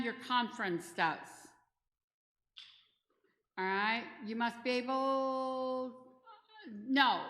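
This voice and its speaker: A bright, pushed, somewhat high female voice carries through a reverberant church hall. The middle-aged woman is a disaster response trainer giving a practical, chatty session sprinkled with stories from her own life.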